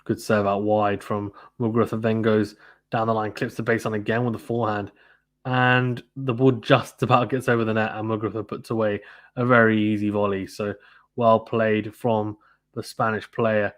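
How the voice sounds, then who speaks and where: A man's voice: on the low side, level tone, normal speed. A man doing live play-by-play tennis commentary on a stream, chatty and informal, stopping to read viewers' comments. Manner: chatty, reads viewer comments, fillers like "to be honest with you".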